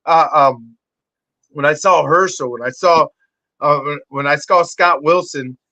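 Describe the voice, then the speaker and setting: A man in his forties, a podcast guest telling wild stories with swearing and excitable energy. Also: a little slow, dry recording, poor audio. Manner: excitable, swearing, acts out voices in high shouts. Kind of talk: animated storytelling.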